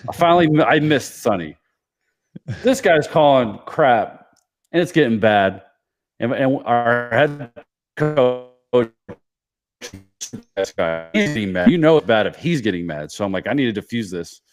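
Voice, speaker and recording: Podcast co-host, man, lively storyteller who plays out the argument in voices. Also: medium pitch, measured pace, pauses often. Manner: animated storyteller, acts out arguments. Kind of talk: casual chat.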